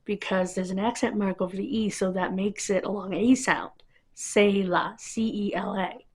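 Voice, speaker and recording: Husky-voiced woman rambling casually. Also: medium pitch, steady tone, normal speed. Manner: chatty, wanders between tangents. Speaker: vlogger.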